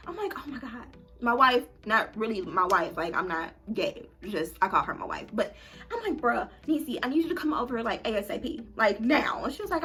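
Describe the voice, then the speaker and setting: A young adult woman telling a story for her vlog in an animated, emphatic, slangy way. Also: fairly high pitch, fairly quick. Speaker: vlogger.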